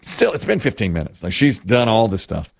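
Man, casual storyteller, gravelly, swooping intonation, plays out quoted lines. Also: lowish voice, a little fast. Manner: animated anecdote teller, acts out quoted lines, laughs often. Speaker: co-host telling a story.

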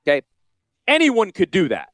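A man with a Northern US Yankee accent, a financial advisor hosting a casual promotional podcast with salesy, jokey asides and a high-pitched voice. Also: huge pitch swings, normal speed, fairly bright tone, no echo. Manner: self-described high-pitched voice. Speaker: financial advisor and radio host.

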